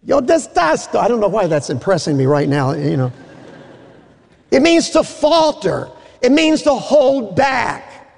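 Gravelly high-voiced preacher in an echoey hall. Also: male voice, measured pace. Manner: folksy, animated, jokey asides. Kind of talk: sermon.

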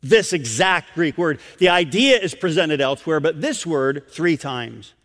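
Male pastor preaching slow and emphatic, high voice that swings a lot, big echo in the church hall. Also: lively intonation, fairly bright tone. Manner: emphatic preaching with dramatic pauses, asks the congregation questions. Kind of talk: sermon.

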